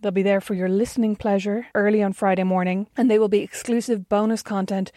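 A woman co-hosting a chatty podcast with her sister. She talks in a loose, self-deprecating way and laughs often. Her voice sits at a middle pitch and is recorded dry and close. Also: fairly even intonation, fast talker, dark tone, no echo. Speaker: podcast co-host. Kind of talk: casual chat.

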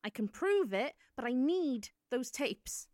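A woman's voice: sits high, very animated, takes it slowly, darkish tone, no echo, studio quality, exaggerated voice. An actress playing a desperate young woman searching for a missing friend, pleading and defiant.

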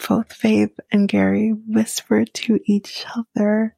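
Whispering woman with a gravelly, husky voice. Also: medium pitch, little pitch movement, no echo. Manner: soft, halting, with frequent ums and small laughs. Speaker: reality show recapper.

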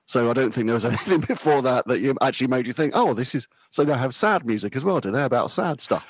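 A man's voice: medium pitch, animated, fast, slightly rough, no room sound, rough recording. A man in his fifties chatting casually about music, rambling and self-deprecating, laughing easily. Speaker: podcast guest.

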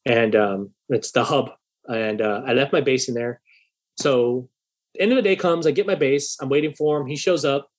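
Speaking at an ordinary pace in a mid-range voice, this young man spins a casual tale full of profanity. He animatedly performs both sides of a heated argument as quoted dialogue.

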